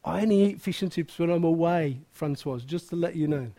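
A man's voice: on the high side, brisk, dark tone. A man preaching a sermon, chatty and self-mocking, often asking his listeners questions.

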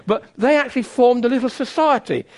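A man's voice: very high-pitched, a little fast. A man preaching a sermon in a conversational way, with teasing, self-mocking asides.

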